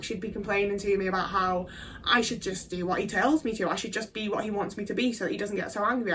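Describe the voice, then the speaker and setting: A woman's voice: mid-range voice, a bit bright, far from the mic, a little hiss or hum. A woman telling a candid personal story, blunt and sweary. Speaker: video creator.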